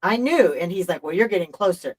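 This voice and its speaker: A woman's voice: lowish voice, animated, fairly quick, slightly rough, low-quality recording. A middle-aged woman hosting a live stream, telling a story in casual chat, with an emphatic, profane and rambling delivery.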